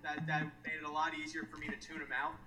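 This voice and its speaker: Host: man, high bright voice, quick jokey race caller, slightly distant mic. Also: completely flat delivery, soft background music. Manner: joking, self-mocking, quick asides. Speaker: handicapping show host calling a race replay. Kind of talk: fast race call then casual joking chat.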